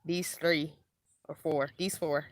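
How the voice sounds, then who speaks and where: The voice is low-pitched and fairly even, taken slowly with no echo. It belongs to a middle-aged van-life vlogger running an easygoing live stream, tired after little sleep, who rambles casually and reads viewer comments out.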